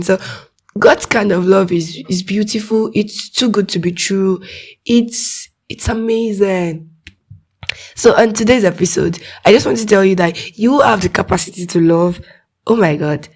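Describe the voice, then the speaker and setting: A woman's voice: mid-range voice, breathy edge. A young woman with a Nigerian accent hosting a casual faith podcast, talking to her listeners alone and acting out small quoted voices, laughing often. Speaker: podcast host.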